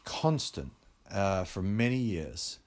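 Low-voiced English man telling stories. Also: slow pace. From England. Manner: animated storyteller, laughs while talking. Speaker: film director guest. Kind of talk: casual conversational interview.

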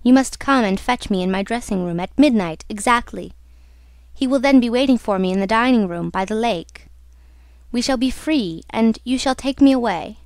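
A woman's voice: on the high side, moderate pace, a little mellow, no room sound, close to an everyday voice. A woman reading the part of a frightened, haunted young woman singer, in a pleading, trembling way.

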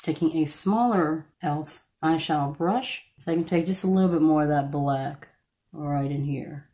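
Low-voiced woman, croaky from allergies. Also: moderate pace, dark tone. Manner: chatty, stops to correct herself. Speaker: beauty vlogger. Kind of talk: casual makeup tutorial chat.

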